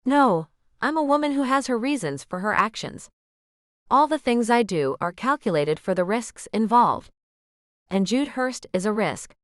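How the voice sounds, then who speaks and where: A woman narrating a first-person romance audiobook in a musing, expressive way, close to the mic. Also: fairly high pitch, moderate pace, no echo.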